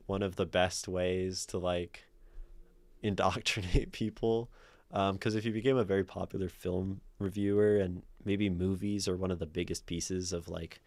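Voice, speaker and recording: A deep-voiced man hosts a livestream, reading viewer submissions aloud and commenting as he thinks out loud, full of fillers and self-corrections, often laughing mid-sentence. There's no echo.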